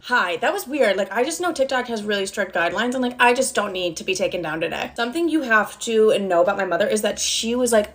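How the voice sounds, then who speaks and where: A woman's voice: medium pitch, lively intonation, quick pace, few pauses. A young woman telling a story in a casual storytime, chatty, swearing often and saying "like" a lot.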